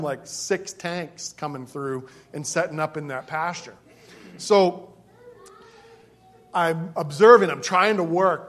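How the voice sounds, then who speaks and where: High-voiced man preaching a story. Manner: storytelling, emphatic, with asides to the congregation. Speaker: pastor. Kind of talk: sermon with personal story.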